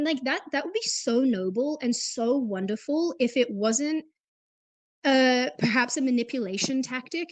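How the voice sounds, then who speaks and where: A woman, a guest on a podcast, speaking candidly and in a measured way about her own experience in casual chat. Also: on the high side, no echo. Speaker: podcast guest, former co-host.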